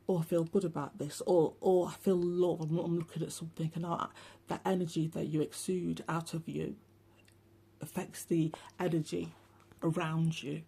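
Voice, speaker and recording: A woman talks to her followers in a loose, rambling spiritual monologue. Her voice is gravelly and husky with a mellow, dark tone. She is blunt, sweary and sarcastic. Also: deep voice, flat delivery, moderate pace. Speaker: spiritual channel host.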